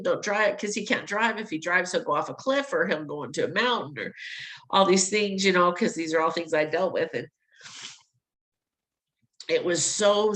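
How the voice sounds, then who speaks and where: Animated middle-aged woman telling her story. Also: on the low side, low-quality recording. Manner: animated, acts out quoted voices, laughs between lines. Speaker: interview guest. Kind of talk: emotional personal storytelling.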